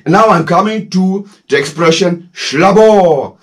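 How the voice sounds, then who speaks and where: A man's voice: high-pitched, a little slow. A German-accented man in his fifties, a former soldier, giving a casual spoken lesson, laughing often and slipping into French phrases. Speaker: former legionnaire instructor.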